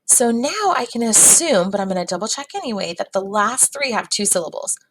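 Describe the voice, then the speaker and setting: A woman teacher giving a recorded phonics lesson to young students, patient and sounding words out slowly. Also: mid-range voice, lively intonation, a bit bright, slight background noise, low-quality recording.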